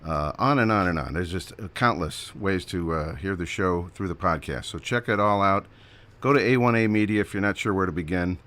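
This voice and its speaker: A man's voice: low voice, a bit bright. A man hosting a radio show in a chatty, upbeat, rambling way, a little out of breath.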